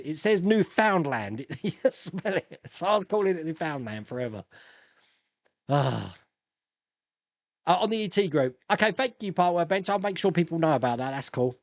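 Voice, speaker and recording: A man's voice: a little high, dry recording. Fifty-something english guy chatting on a live stream, bouncy voice that jumps around, dry close sound. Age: 50s. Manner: chatty, animated, laughs often. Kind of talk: casual live chat reading viewer comments.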